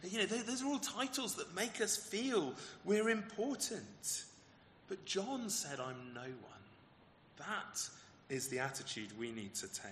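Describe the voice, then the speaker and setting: A man, the vicar, preaching a lively sermon and acting out the quoted exchanges, with some stumbles and repeated words. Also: high voice, a little slow, reverberant, in a large hall, a little hiss or hum. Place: church.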